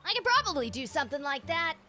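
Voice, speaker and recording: A woman with a high, bright voice chats candidly to her viewers while she plays a game. Her speech swoops up and down with lots of energy, with faint music underneath. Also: fast talker. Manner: candid, animated, chatty. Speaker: streamer. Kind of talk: casual gaming livestream chat.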